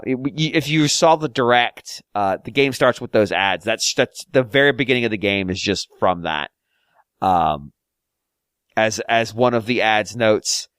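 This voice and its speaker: This podcast co-host has a lowish, fairly bright voice that sounds clear and resonant, captured in a clean studio with no echo. His talk about a game is loose and rambling, full of fillers and false starts.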